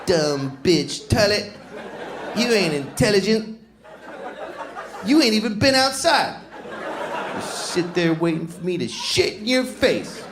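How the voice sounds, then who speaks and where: A man's voice: high voice, big pitch swings, slow pace, pauses often, pitched above the performer's own voice, exaggerated voice. A man voicing a crude, foul-mouthed man who growls taunting insults at a toilet. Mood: taunting, contemptuous. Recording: echoey club with crowd noise.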